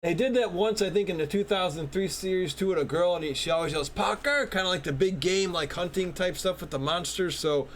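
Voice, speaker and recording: A man's voice: sits high, brisk, few pauses, slight background noise. A man co-hosting a podcast, chatting about comics in a friendly, loose way, sprinkled with "you know" and "uh". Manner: chatty and upbeat, laughing, hedging with "you know". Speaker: podcast co-host. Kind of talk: casual comic review chat.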